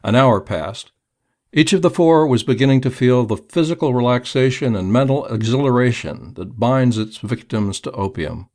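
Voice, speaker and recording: A man narrating a crime story in a measured, steady audiobook reading. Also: mid-range voice.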